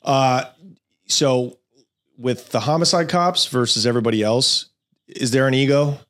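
A man's voice: medium pitch, a little slow, fairly bright tone. A man with a mid-range voice hosts a casual podcast interview. He asks loose, informal questions and keeps the guest going with short reactions. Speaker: podcast host.

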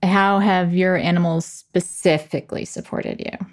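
A woman's voice: fairly low pitch, steady tone, measured pace. A woman hosting a podcast, asking questions and reading the outro in an upbeat, lightly joking way. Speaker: podcast host.

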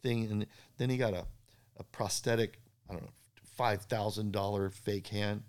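A man, a surfboard craftsman, telling animated stories in an interview, acting out the dialogue and laughing at his own jokes. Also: on the low side, moderate pace, smooth. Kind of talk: storytelling in a podcast interview.

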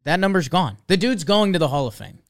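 Young male sports-show host, clear smooth voice, chatty and excitable. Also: high voice, brisk. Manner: excitable, rambling, jokey. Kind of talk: casual sports chat.

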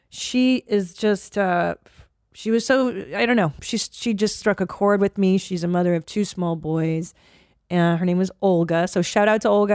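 A woman's voice: medium pitch, a little mellow, no echo, clean studio sound. A woman in her forties hosting a podcast, rambling and swearing freely, with sighs and restarts, a little stuffy from cold medicine. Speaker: podcast host. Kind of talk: casual chat.

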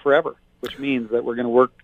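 A man's voice: mid-range voice, level tone, quick pace, no echo. A man from Alberta comes through a thin, tinny phone line with no room sound at all. He speaks as a politician calling in, emphatic and indignant, and he drives home his points by repeating them. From Alberta, Canada. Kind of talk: impassioned political talk.

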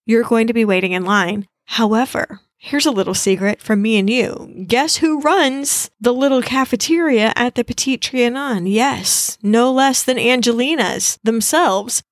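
A woman's voice: a little high, moderate pace, hardly any pauses, no echo, clean studio sound. A woman co-hosting a podcast, telling travel stories in a playful, confiding way. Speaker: podcast co-host. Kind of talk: casual travel chat.

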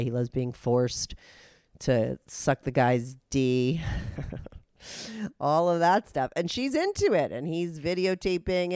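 A woman's voice: rumbling low, darkish tone, no room sound, clean studio sound. A woman hosting a podcast, talking bluntly and casually with a nasal voice from a cold. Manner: blunt, profane, chatty. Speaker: podcast host. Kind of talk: casual frank interview.

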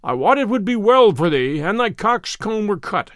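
A man voicing a huge, good-humoured young yeoman who is slow to anger and speaks in a hearty, gruff way. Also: high voice, sing-song, no room sound, studio quality. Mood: scornful.

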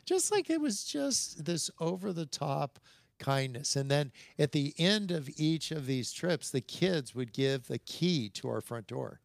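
Brief: middle-aged man, animated storyteller with a gravelly edge, dry close mic. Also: fairly high pitch, unhurried, dry recording. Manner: animated storyteller, acts out quoted dialogue, chuckles between lines. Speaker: podcast guest. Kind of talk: storytelling in casual conversation.

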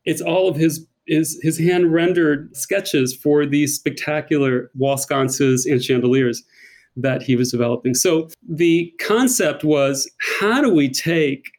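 A man's voice: fairly high pitch, unhurried, a little mellow. An American man speaking as a guest in an interview, effusive and enthusiastic, often repeating words as he searches for them. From United States. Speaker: guest, author and designer. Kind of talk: interview conversation.

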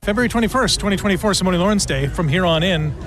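A man's voice: sits high, animated, racing, fairly bright tone, soft background music. A male local news reporter describing an event and interviewing a guest in a conversational way, with frequent filler words.

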